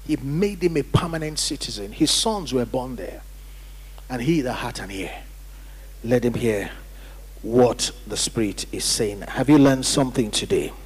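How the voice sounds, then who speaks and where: A man's voice: medium pitch, expressive, measured pace, slightly rough. A man preaching a sermon as pastor, emphatic, calling on the congregation to read and repeat after him. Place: church hall during service. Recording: church hall reverb.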